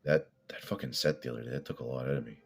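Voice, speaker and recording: A man with an extremely deep voice talks in a loose, rambling vlog monologue. He is blunt and profane, wandering from one thought to the next with plenty of filler. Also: fairly even intonation, racing, vocal fry, husky. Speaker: fitness vlogger.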